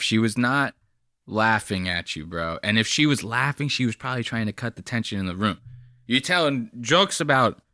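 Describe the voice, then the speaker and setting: A man's voice: medium pitch, sharp tone, no room sound, studio quality. A man hosting a podcast, talking bluntly in casual profane commentary and throwing in slang like bro and buddy. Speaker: podcast host.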